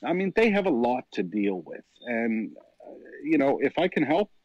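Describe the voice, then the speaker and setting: A Canadian man co-hosting a tech chat, talking in a relaxed, hesitant way with many fillers. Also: mid-range voice, moderate pace, no echo. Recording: dry, dull lo-fi line.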